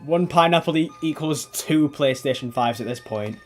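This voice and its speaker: A man's voice: fairly high pitch, moderate pace, soft background music. A man from England, chatting casually on a game stream, rambling, swearing offhandedly and restarting his sentences. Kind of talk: casual gaming stream chat.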